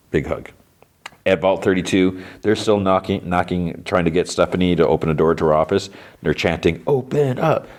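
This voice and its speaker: A man with a very low voice runs through a TV episode scene by scene. His recap stays loose and conversational, packed with "he's like" and quick restarts. It sounds like a relaxed podcast host.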